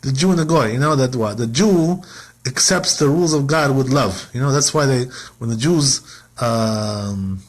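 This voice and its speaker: Slightly husky rabbi giving a Torah talk. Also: male voice, mid-range voice, normal speed. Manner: rhetorical questions, acts out quoted complaints. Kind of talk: Torah lesson.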